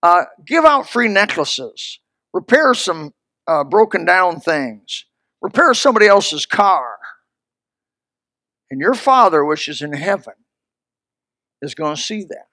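A man's voice: sits high, big pitch swings, slow, long pauses, sharp tone, no room sound, studio quality. A man pastor preaching a sermon in an emphatic, folksy, storytelling manner.

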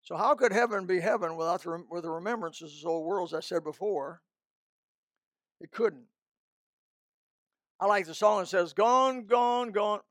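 A man's voice: high voice, moderate pace, pauses often, dry recording, clean studio sound. An older man preaching a folksy, emphatic sermon, breaking into snatches of hymns.

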